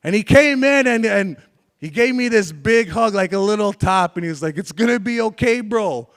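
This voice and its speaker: A man with a very high voice gives a live talk, opening up frankly about his past and bantering with the audience. He speaks as a young adult storyteller addressing a room of listeners. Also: animated, moderate pace, a bit bright, clean tone.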